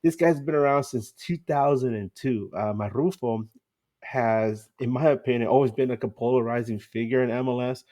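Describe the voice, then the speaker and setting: A man's voice: mid-range voice, normal speed, mellow. A man hosting a casual soccer podcast, chatty, with frequent fillers and easy laughs. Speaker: podcast host. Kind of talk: casual sports podcast talk.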